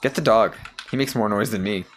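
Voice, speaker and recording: A man's voice: fairly low pitch, a little fast, slight background noise. A young man giving profane, sarcastic let's-play commentary while gaming. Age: young adult. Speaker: gamer.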